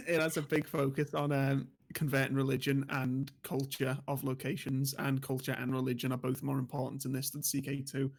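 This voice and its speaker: A man co-hosting a gaming podcast, telling a strategy game story with laughs and animated quoted lines. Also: mid-range voice, normal speed, vocal fry. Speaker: podcast co-host and streamer. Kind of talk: casual gaming chat.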